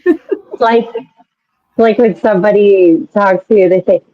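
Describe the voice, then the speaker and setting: A woman practicing words slowly and carefully alongside a teacher, chatting casually. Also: mid-range voice, mellow, no echo, lo-fi sound. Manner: very slow, careful repeating of words. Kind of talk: casual lesson chat.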